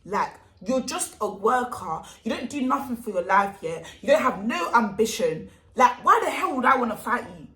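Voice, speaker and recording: A young woman telling a storytime vlog, animated and emphatic, full of street slang. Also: on the high side, normal speed. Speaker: vlogger. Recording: echoey room.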